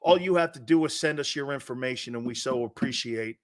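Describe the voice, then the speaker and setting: A middle-aged man hosting a sports talk show, ranting loudly and mocking rivals. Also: medium pitch, a little fast. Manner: loud, mocking, puts on voices and laughs often. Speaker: sports radio host. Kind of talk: animated sports talk rant.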